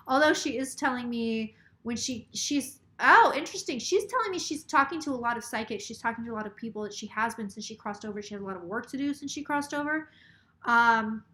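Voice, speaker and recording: A woman with a bright, slightly high voice talks through a casual live psychic reading. She sounds a little tipsy and rambles as she relays a spirit's words. She swears freely along the way. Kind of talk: casual live tarot stream, relaying messages.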